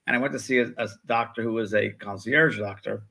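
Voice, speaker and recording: Gravelly older guy in his sixties telling stories, husky voice, chatty co-host. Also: mid-range voice, brisk, bright, forceful tone. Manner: chatty storyteller, acts out quoted voices. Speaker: co-host, spiritual medium. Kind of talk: casual chat.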